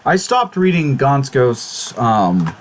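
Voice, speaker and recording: Agitated man ranting in a lively voice. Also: medium pitch, slow pace, slight background noise. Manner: swears a lot, repeats and restarts words in agitation; fretful, exclamatory. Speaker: YouTube channel host. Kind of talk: casual vlog talk.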